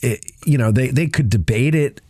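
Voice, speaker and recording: A man's voice: medium pitch, normal speed, warm tone, husky, no echo, studio quality. A man hosting a casual podcast discussion, asking questions and correcting himself mid-sentence. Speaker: podcast host. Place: indoor room with others present.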